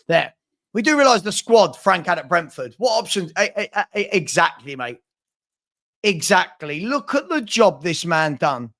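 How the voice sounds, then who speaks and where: A man hosts a casual football live stream, venting in exasperated bursts full of stumbling restarts and repeated phrases. His voice sits high and sing-song, a bit bright, at a moderate pace.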